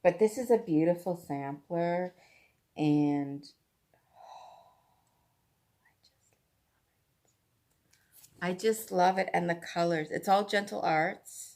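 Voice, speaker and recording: A woman's voice: on the low side, a little slow, a little mellow. A Canadian woman hosting a cross-stitch vlog, chatting casually in a rambling way with lots of asides. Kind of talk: casual chat.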